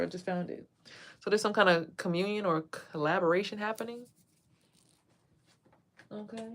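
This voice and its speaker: A woman giving a casual tarot reading on a phone livestream, chatting to viewers and drifting between the cards and asides. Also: mid-range voice. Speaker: tarot reader.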